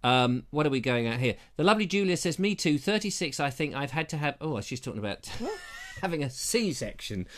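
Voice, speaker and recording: A man's voice: on the high side, lively intonation, brisk, hardly any pauses, slight background noise. A man hosting a casual live show, joking and reading viewer comments aloud on a lapel mic. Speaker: host. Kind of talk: casual live-stream chat.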